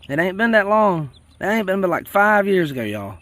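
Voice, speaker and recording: His voice is high-pitched, sing-song, a little fast, and a bit bright. The man runs a homesteading channel and chats in a folksy, rambling way outside on his farm near the chickens, a South Carolinian who says y'all a lot.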